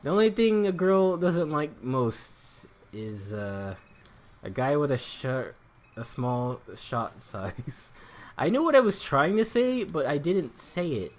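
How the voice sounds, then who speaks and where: A gaming streamer, a young man with a slightly high, expressive voice, chats casually at a slow pace while playing. He rambles and jokes, swearing freely and laughing often.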